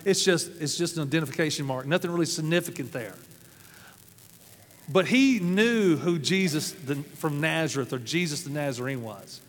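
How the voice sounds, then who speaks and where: A pastor from Arkansas, preaching a sermon with folksy, humorous storytelling. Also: male voice, fairly high pitch. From South Arkansas, USA. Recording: long hall reverb.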